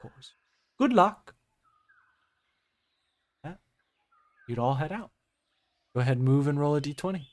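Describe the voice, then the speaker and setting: A young man running a tabletop game as game master, with animated, jokey narration. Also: on the high side, brisk, long pauses.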